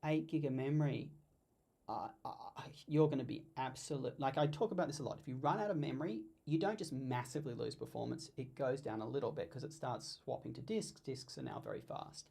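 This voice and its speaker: A man hosting a live stream of tech talk, unscripted and animated, often stumbling and restarting his sentences. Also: mid-range voice, a little fast, vocal fry, breathy edge.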